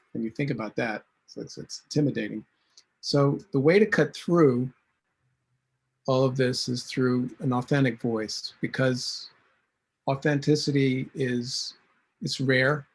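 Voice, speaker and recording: Brief: man panelist, gravelly husky voice, earnest and halting. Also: medium pitch. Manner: earnest, restarts often. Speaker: cartoonist and designer. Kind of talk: panel discussion.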